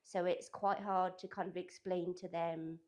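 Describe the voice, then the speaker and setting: A woman's voice: lowish voice, little pitch movement, a little slow, a little mellow. A young woman working as a digital communications apprentice at a college, answering interview questions in a loose, hedging way full of "kind of" and "sort of".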